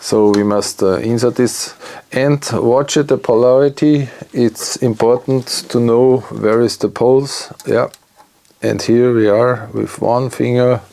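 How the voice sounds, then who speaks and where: Slow, halting man. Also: mid-range voice, fairly even intonation, creaky, warm tone. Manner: halting, non-native phrasing, muttering to himself as he works. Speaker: electronics repair hobbyist. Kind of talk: talking through a repair while working.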